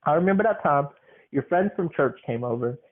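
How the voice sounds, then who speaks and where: A man's voice: a little high, lively intonation, fairly quick. A man hosting a podcast, telling a funny family story in a rambling way, with lots of fillers and restarts. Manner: meandering, full of fillers and restarts. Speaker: podcast host. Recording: tinny phone-like sound.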